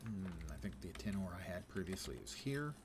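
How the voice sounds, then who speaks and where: A man's voice: sits low, lively intonation, brisk, background noise. A man casually narrating his gameplay on a stream, muttering dry, wry asides to himself. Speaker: game streamer.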